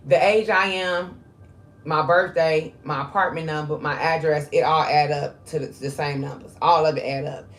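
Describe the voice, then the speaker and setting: Low-voiced woman talking candidly. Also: steady tone, moderate pace. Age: 40s. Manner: candid and conversational, with frequent fillers. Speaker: spiritual reader. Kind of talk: casual spiritual monologue.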